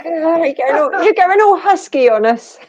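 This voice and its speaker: A woman hosting an interview, giggly and teasing. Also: extremely high pitch. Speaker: host. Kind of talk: casual interview chat. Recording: dull lo-fi line.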